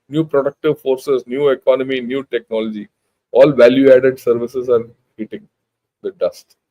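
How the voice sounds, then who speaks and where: A man's voice: on the high side, a little mellow, low-quality recording. An older man with an Indian English accent giving an informal, emphatic talk, blunt and full of rhetorical questions. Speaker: retired army general giving a talk. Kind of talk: informal lecture.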